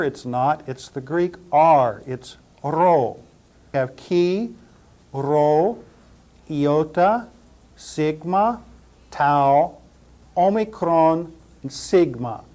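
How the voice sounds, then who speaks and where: A man gives a slow, methodical pronunciation lesson in a somewhat high voice. He names each letter in turn and says every word several times so a listener can follow. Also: a little mellow. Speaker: Greek teacher.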